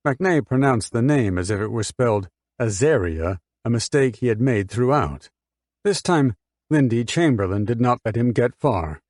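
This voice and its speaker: A man narrates an audiobook from a script in a steady, measured reading. His voice is medium-pitched, and the recording is dry and clean, with studio sound.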